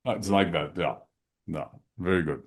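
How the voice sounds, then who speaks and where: A very deep male voice leads a meditation, unhurried and soft-spoken. He is a middle-aged man, calm as he guides the listener. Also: noisy background. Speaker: shaikh leading guided meditation. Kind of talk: guided meditation and dhikr instruction.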